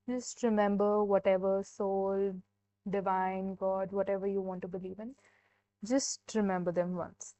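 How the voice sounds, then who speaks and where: A young woman gives a casual live-stream tarot reading, chatting in a relaxed way and filling her sentences with "like". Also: mid-range voice, no echo. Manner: chatty, heavy use of "like" and fillers. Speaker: tarot reader. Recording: dull, dry sound.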